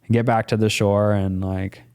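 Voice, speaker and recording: A man's voice: on the low side, level tone, moderate pace, darkish tone, clear, resonant tone. A young man, a podcast guest, casually telling a personal story in a rambling, earnest way with lots of fillers and some swearing. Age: young adult.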